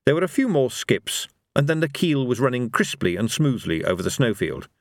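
A man narrating an audiobook in a lively, expressive reading. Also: mid-range voice, brisk, no echo, studio quality.

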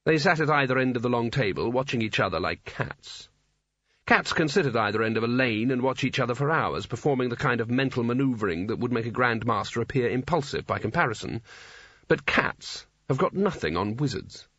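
A man narrating a fantasy audiobook in a wry, measured storytelling manner. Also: medium pitch, expressive, a bit bright, no echo. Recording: dry, dull muffled recording.

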